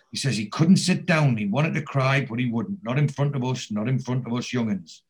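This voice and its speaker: A man's voice: medium pitch, fairly quick, few pauses. A man casually retelling a TV episode as a podcast host, rambling with many restarts and fillers.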